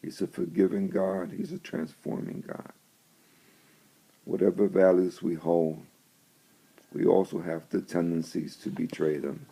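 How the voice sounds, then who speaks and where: A man telling a story and then preaching on scripture, in a slow and deliberate way. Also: low-pitched, level tone, vocal fry, dark tone, breathy edge. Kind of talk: storytelling devotional.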